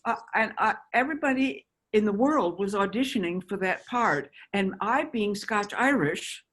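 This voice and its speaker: A woman in her nineties, an actress reminiscing in a chatty, halting way over a video call. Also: mid-range voice, lively intonation, fairly bright tone. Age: 90s. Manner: chatty, halting with restarts and laughter. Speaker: actress guest. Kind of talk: casual interview reminiscing.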